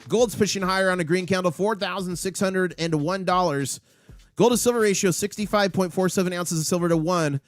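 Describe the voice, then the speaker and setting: Excitable man rattling off market prices. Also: high voice, a little fast, no room sound. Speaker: livestream host. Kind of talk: live market commentary.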